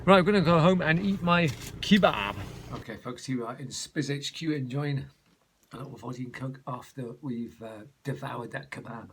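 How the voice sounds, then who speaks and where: A man's voice: mid-range voice, moderate pace, fairly bright tone. Chatty man vlogging, noisy recording. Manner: chatty, rambling, addresses viewers as folks. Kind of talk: casual vlog chat. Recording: background noise.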